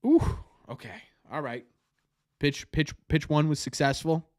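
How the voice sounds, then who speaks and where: Hosting a fan show, a man with a fairly high voice comments live on a game as he watches, speaking at a measured pace. He's nervous and excitable, repeating his cheers, and the studio-quality recording has no room sound.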